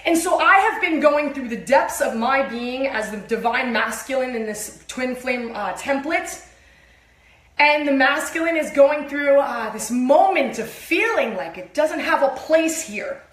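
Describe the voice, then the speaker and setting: Animated high-voiced woman preaching. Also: a little slow, reverberant. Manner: animated, emphatic, swears and acts out exclamations. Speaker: co-host of a spiritual sermon. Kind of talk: livestreamed spiritual sermon, casual and emphatic.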